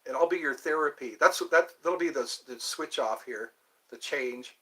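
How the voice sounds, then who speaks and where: A man's voice: mid-range voice, moderate pace, fairly bright tone. A man hosting a casual livestream chat, rambling and thinking aloud as he digresses from one topic to the next. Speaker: host.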